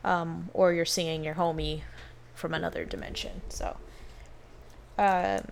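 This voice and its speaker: Young woman, podcast co-host, casual banter, gravelly, sweary, faint background noise. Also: low voice, big pitch swings, measured pace. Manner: blunt, sweary, laughing banter. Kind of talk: casual chat. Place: home, kids and dogs around.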